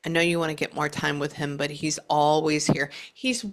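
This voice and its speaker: Her voice is low and her delivery flat as this woman psychic medium relays messages to a client during a spirit reading. She keeps an earnest, reassuring tone, broken up by frequent halting pauses and side remarks.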